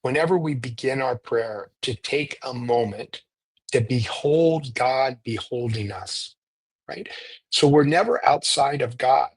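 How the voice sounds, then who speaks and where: A priest leading a retreat, explaining prayer in a conversational, animated storytelling way and often checking in with "right?". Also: male voice, medium pitch, a little slow, slightly rough, no echo, low-quality recording. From United States. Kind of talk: conversational teaching.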